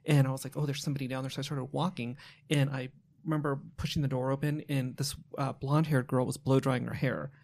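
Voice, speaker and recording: A man's voice: medium pitch, level tone, darkish tone. A man, a psychic medium guest on a podcast, telling vivid dream stories in casual chat, with some swearing. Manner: rapid, vivid storytelling with swearing.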